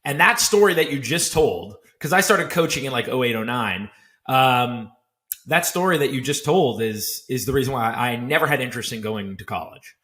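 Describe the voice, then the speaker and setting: A man hosting a podcast talks in a mid-range, bright voice. He builds his questions haltingly and repeats words as he goes. The tone is casual and conversational. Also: medium pitch, expressive. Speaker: podcast host. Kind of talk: casual interview.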